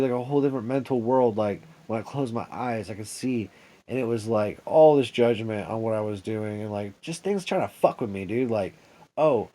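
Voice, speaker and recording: A man's voice: mid-range voice, dark tone. A man telling a rambling, profane story straight to camera in a vlog, agitated and paranoid, full of "dude" and "like" and restarts.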